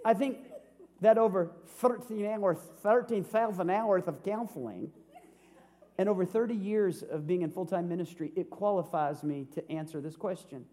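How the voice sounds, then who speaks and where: A man's voice: high voice, normal speed, mellow. A man in his fifties, a pastor, preaching a sermon with humor and rhetorical questions. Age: 50s.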